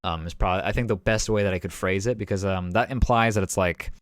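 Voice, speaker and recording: A man's voice: low-pitched, quick pace, no room sound, studio quality. A man talking casually as game master, recapping a tabletop session in a rambling way full of fillers and restarts. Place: home streaming setup.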